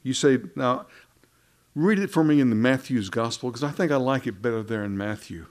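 A man's voice: mid-range voice, animated, a little fast, darkish tone. A man preaching into a microphone, reading scripture and talking in a conversational, wry way full of rhetorical questions. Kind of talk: sermon.

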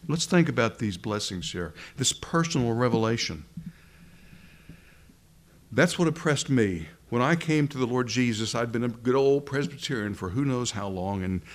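A man's voice: medium pitch, animated, normal speed. A man preaching a sermon to a live congregation, earnest and emphatic, drawing out key words for stress.

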